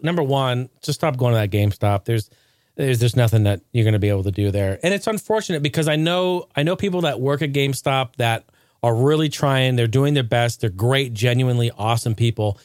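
Animated man hosting a podcast. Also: mid-range voice, a little fast, dry recording, studio quality. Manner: animated, swears freely when riled. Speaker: podcast host. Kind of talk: casual podcast chat.

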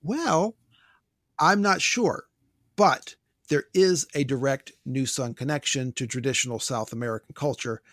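A man's voice: medium pitch, measured pace, fairly bright tone, dry recording, clean studio sound. A man hosting a casual book discussion, reading out listener notes in a wry, wordy way and stumbling over pronunciations. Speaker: podcast host.

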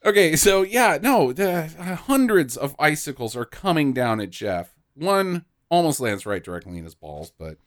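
A man's voice: moderate pace, hardly any pauses. A man co-hosting a comedy podcast, recapping a movie scene by scene and acting out the characters in silly voices. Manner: animated, swings pitch wildly, acts out scenes in silly voices. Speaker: podcast co-host.

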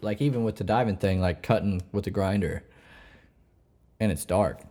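Host, male, lowish voice, easygoing and profane, chats about diving jobs. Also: normal speed, mellow. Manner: laid-back, profane, chatty. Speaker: podcast host and commercial diver. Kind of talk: casual podcast chat.

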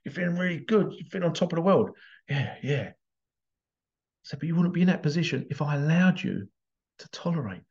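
A man's voice: on the high side, lively intonation, quick pace, long pauses, a little mellow, muffled recording. A man telling a story as a parent in a casual motivational talk, acting out the voices of the people in it. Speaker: parent giving life advice.

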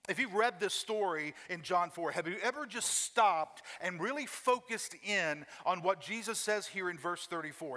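A man's voice: high-pitched, pushed and bright, big-room sound. A man preaching a sermon as a pastor, telling the story with emphatic repetition and acting out the quoted voices.

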